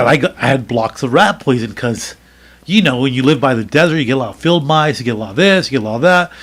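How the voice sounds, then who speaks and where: In a loose, animated chat, a middle-aged podcast co-host tells a rambling story full of fillers and false starts. His voice is medium in pitch.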